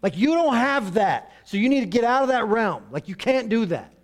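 A middle-aged male pastor preaching a sermon in a conversational way, with humor and quick acted-out asides. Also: very high-pitched, big pitch swings.

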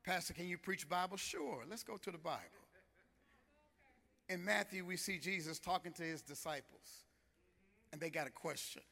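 Pastor, male, high and very bright voice, rhythmic sermon delivery with repetitions. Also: normal speed, gravelly, long pauses. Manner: preaching with rising, rhythmic intensity and repetitions. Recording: long hall reverb.

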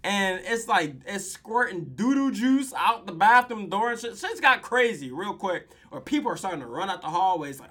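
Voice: mid-range voice, animated, normal speed, hardly any pauses, bright, forceful tone. A podcast host recapping a TV episode in casual, profane slang, telling the story with laughs.

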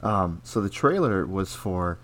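A man hosting a casual podcast, talking in a steady, rambling way with lots of fillers. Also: deep voice, unhurried. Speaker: podcast host.

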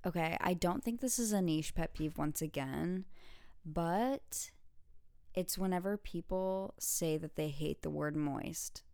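A woman's voice: fairly low pitch, a little slow, creaky, a little mellow, dry recording, clean studio sound. A woman podcast host and student, ranting casually and with emphatic exasperation about her pet peeves. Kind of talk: casual rant.

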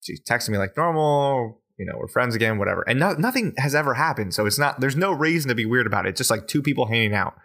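A man's voice: mid-range voice, lively intonation, fast, hardly any pauses, fairly bright tone. Rambling casual man telling a story. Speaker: podcast co-host. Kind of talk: casual chat.

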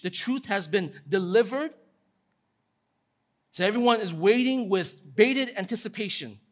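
A male pastor with a high-pitched voice delivers a lively, conversational sermon, acting out quotes and tossing in casual asides.

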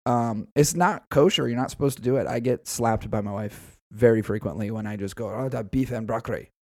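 Man, podcast co-host, warm dark tone, talkative, casual chat. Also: mid-range voice, steady tone, brisk, no room sound, studio quality. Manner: talkative, plans the show out loud.

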